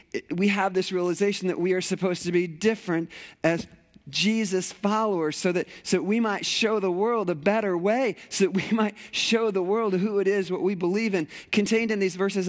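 A man preaching a conversational sermon in a church sanctuary, animated and playful with rhetorical questions. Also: high-pitched. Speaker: pastor.

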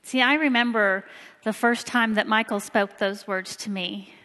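A woman in her forties from Indiana, giving a personal talk in church with slow, emphatic storytelling. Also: mid-range voice, fairly even intonation, sharp tone. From Indiana, USA. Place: church sanctuary. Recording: long hall reverb.

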